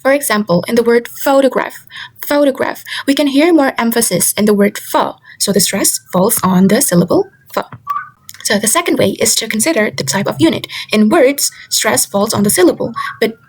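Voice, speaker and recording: Young woman presenting, husky voice. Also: fairly high pitch, lively intonation, rough recording. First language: Indonesian. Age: young adult. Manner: careful, repeats example words slowly. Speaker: student presenter. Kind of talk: class presentation on word stress.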